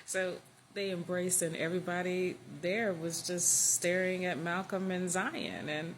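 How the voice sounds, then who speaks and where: A woman's voice: fairly low pitch, fairly even intonation, a little slow, a little hiss or hum. A woman telling her own written story in a casual, chatty way, with loose asides.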